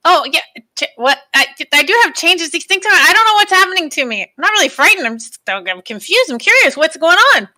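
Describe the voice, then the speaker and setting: A woman's voice: very high-pitched, sing-song, brisk, pushed and bright, exaggerated voice. A woman role-playing a curious, flustered young female adventurer who stammers and rambles.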